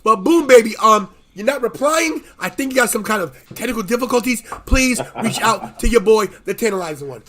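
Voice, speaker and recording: A man with a very high voice hosts a live stream and talks like a hype-man. He greets viewers quickly and shouts his catchphrases. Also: animated, crowd noise. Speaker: podcast host. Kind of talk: hyped live-stream chat.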